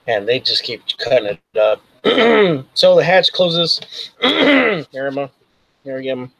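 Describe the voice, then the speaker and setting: A man's voice: medium pitch, fairly bright tone, low-quality recording. A man narrating as game master, loosely and with many fillers. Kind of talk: narrating a tabletop role-playing game.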